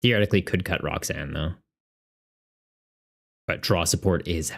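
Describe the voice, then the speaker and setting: A man's voice: low-pitched, lively intonation, moderate pace, vocal fry, pauses often. A man chatting casually on a live stream as a tournament organizer, laughing often and joking with his viewers.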